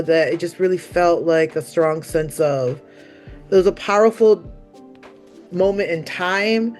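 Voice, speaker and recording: A woman giving an earnest personal testimonial, halting and full of "like" and "you know", close to tears. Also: sits low, a little mellow. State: emotional, near tears. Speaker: retreat participant giving a testimonial.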